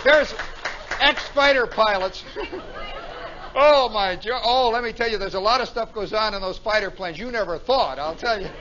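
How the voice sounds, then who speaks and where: A man telling a story live at a nightclub, animated, acting out sound effects and voices as a radio host, on a dull 1960s recording. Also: high-pitched, moderate pace, a crowd in the background, noisy background.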